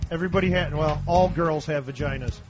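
A man's voice: fairly high pitch, fairly quick, music in the background. A man co-hosting a podcast, telling crude jokes and a rambling family story in casual chat. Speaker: podcast co-host.

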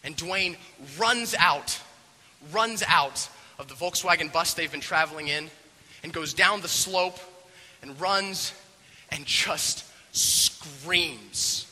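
A man's voice: on the high side, takes it slowly. Man retelling a film scene in a reverberant hall. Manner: expressive, acts out the characters' voices. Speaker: storyteller.

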